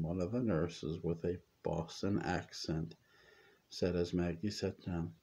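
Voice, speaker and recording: A man reading a serialized story aloud as narrator, unhurried, with occasional stumbles over words. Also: low voice, fairly even intonation, mellow, slightly rough. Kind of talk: reading fan fiction aloud.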